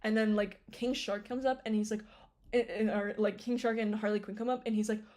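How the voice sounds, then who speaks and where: A woman's voice: medium pitch, steady tone, brisk, darkish tone. A young woman streamer chatting casually on a live stream, rambling with many fillers and restarts.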